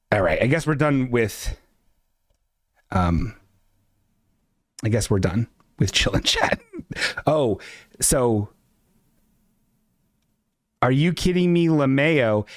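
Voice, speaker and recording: A man's voice: mid-range voice, no room sound, studio quality. A man hosting a live-streamed show, chatting casually and reading chat aloud in a flustered, rambling way. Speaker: podcast host.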